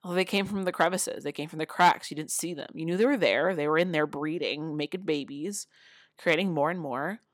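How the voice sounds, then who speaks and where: Woman, low voice, dry close sound, earnest casual vlogger. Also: brisk, no echo. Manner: earnest, many fillers, with laughs. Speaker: motivational speaker. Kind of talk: casual talk to camera. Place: city home.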